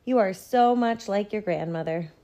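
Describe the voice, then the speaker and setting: A woman voicing a gentle, affectionate mother in a storybook reading, in a raised, lilting voice. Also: mid-range voice, moderate pace, natural voice. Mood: fond. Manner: bright, lifted sing-song reading.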